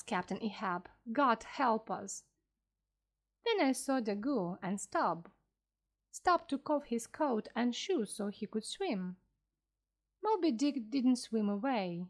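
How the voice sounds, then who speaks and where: A woman narrating a story slowly and clearly for language learners, reading with careful pronunciation. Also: fairly high pitch, a little mellow.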